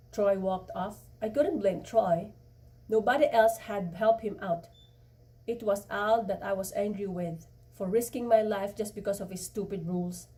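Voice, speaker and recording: Woman reading a novel aloud, mellow. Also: medium pitch, distant mic. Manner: halting, with restarts and slips. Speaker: reader.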